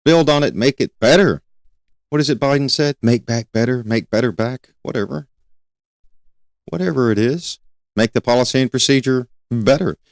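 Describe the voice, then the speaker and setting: A man who teaches criminal justice and hosts a show delivers a spoken lecture to students in a mid-range, creaky voice at a moderate pace. He speaks emphatically, repeats key points and poses rhetorical questions. The recording is dry.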